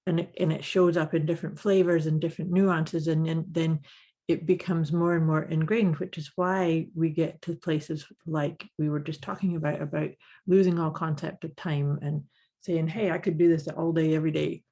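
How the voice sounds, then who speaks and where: A woman's voice: sits low, flat delivery, moderate pace, warm tone, muffled recording. A woman co-hosting a podcast in casual chat, reflective and encouraging as she builds on her partner's points. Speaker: podcast co-host.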